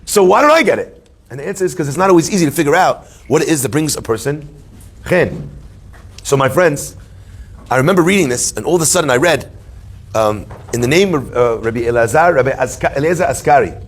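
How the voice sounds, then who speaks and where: A man playing a rabbi teaching a live class, higher voice, lively and joking. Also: quick pace. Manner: animated, joking storyteller who asks questions. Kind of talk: Torah class before a live audience.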